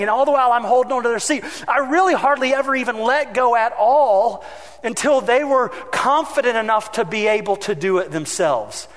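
A man's voice: very high voice, a little fast. Male pastor preaching in a reverberant hall. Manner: animated storytelling, acting out his own shouting. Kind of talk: sermon.

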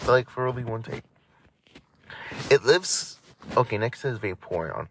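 A man of ordinary pitch hosts a casual podcast. He reads entries aloud, trips over words, restarts, and breaks off into chatty asides. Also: moderate pace, pauses often, a bit bright, slight background noise. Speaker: podcast host.

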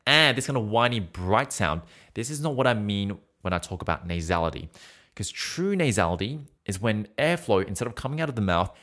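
A man's voice: fairly low pitch, fairly bright tone. A man teaching a singing lesson in direct, encouraging instructions, breaking off to demonstrate vowel and nasal sounds. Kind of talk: podcast voice lesson.

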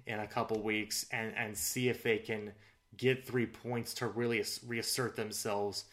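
A man's voice: on the low side, flat delivery, measured pace, fairly bright tone. A man co-hosting a casual sports podcast, recapping match results in a rambling way with lots of fillers. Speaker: podcast co-host.

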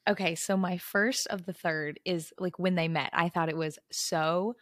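A podcast co-host chats casually in a book-club style, gushing as she lists her favorite scenes. Her voice is on the low side with fairly even intonation and normal speed, recorded in a clean studio with no room sound.

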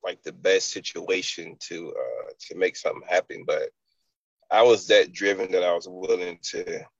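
Male fitness entrepreneur, low fried voice, rambling interview storyteller, dull lo-fi sound. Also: steady tone, moderate pace, gravelly, slightly rough, no room sound. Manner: loose, rambling, many "you know" fillers.

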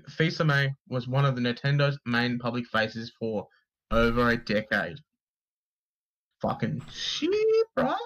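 A man's voice: medium pitch, fairly bright tone, poor audio. A man co-hosting a podcast, reading gaming news aloud in a casual, sweary, joking way and tripping over names. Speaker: podcast co-host.

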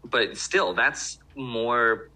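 A man's voice: medium pitch, drawn-out words, sharp tone, rough recording. A man who worked in restaurants, talking in loose casual chat with many restarts. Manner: rambling, lots of fillers and restarts.

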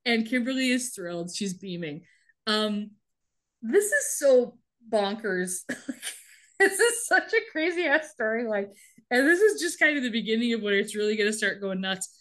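A woman's voice: fairly high pitch, animated, moderate pace, fairly bright tone. Chatty woman retelling a story. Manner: chatty storytelling, acts out quotes with laughs. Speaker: podcast co-host recapping a TV episode. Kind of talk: casual chat.

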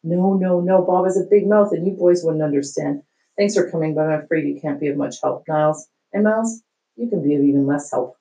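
A woman's voice: sits low, brisk, rough recording. A woman reading aloud, voicing a flustered, blustering male school principal who insists nothing is wrong. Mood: exasperated. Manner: loud, insistent, denying the obvious.

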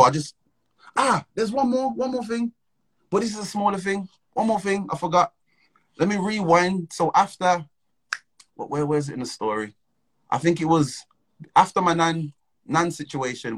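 A man's voice: medium pitch, rough recording. Slangy young man telling a story. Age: young adult. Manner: slangy, animated, laughs between phrases. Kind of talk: casual storytelling chat.

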